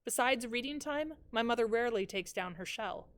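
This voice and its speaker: A woman's voice: fairly high pitch, expressive, brisk, a bit bright, smooth. Woman teacher reading a novel aloud.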